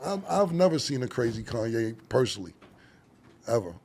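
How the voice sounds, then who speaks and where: A man's voice: mid-range voice, very animated, normal speed, darkish tone, a little hiss or hum. A man chatting casually as a guest, laid-back and slangy, laughing as he talks. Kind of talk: casual chat. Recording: crowd chatter behind.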